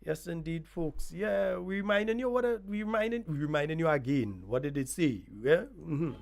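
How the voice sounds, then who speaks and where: A man's voice: fairly high pitch, normal speed, gravelly, a little mellow. A Grenadian man hosts a late-night call-in show, chatting loosely with listeners in a slightly raised voice. His talk is easy and conversational. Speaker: radio call-in host.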